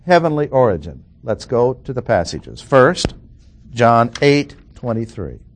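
Slow, deliberate male Bible teacher. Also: mid-range voice, sing-song, a little hiss or hum. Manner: slow, deliberate, repeats key phrases for emphasis. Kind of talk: expository Bible lesson.

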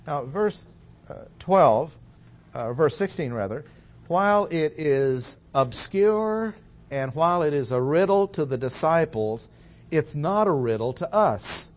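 A man giving an expository Bible lecture, explaining a passage in a measured way and stressing key words. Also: a little high, animated. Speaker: Bible teacher.

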